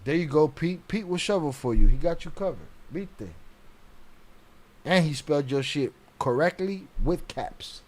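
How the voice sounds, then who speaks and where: A man hosting a casual live stream, reacting to chat with blunt, profane talk and frequent laughs. His voice sits somewhat high for a man. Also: animated, normal speed.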